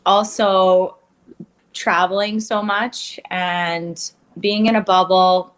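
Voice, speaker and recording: A woman's voice: mid-range voice, little pitch movement, takes it slowly, a bit bright. A woman from Canada, a guest in an interview, speaking openly and plainly about hard times in a candid conversation. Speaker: guest, athlete.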